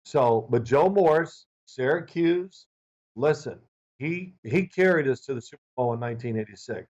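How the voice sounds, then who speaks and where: A man in his sixties, once a football quarterback, appears as a guest on a remote video call, speaking at medium pitch and normal speed with the highs cut off. His interview answers are lively anecdotes, and he raises his voice to act out what his former coach said.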